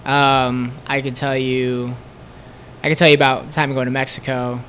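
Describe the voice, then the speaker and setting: A man's voice: medium pitch, moderate pace, slight background noise. A man, a podcast guest telling a road-trip story in casual chat, acting out what everyone said and leaning on "like" a lot. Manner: animated, acts out quoted voices, lots of "like". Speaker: podcast guest, store co-owner.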